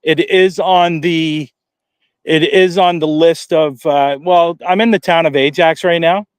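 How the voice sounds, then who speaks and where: A man's voice: fairly high pitch, fairly even intonation, unhurried, clean tone, no echo. A man on a live paranormal stream, talking from a cemetery at night with many ums, restarts and dry sarcasm. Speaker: paranormal investigator. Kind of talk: casual live-stream chat.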